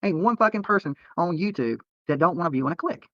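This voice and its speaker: Fast, heated man ranting on stream. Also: on the high side, expressive, fairly bright tone, no echo. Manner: profane, heated, repetitive. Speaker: live-streaming YouTuber. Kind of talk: late-night livestream rant. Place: hotel room. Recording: dull lo-fi stream audio.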